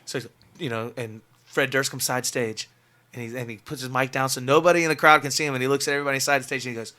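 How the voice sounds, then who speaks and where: A young man, a guest musician, telling a rambling, excitable story in a casual podcast interview, full of filler words. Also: medium pitch, fast talker.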